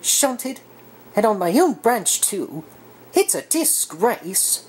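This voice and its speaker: A woman's voice: mid-range voice, big pitch swings, a little slow, darkish tone, husky, pitched above the performer's own voice, full character voice, poor audio. A woman voicing a proud, bossy young male tank engine in a fan redub of a children's cartoon, boastful and impatient. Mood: indignant.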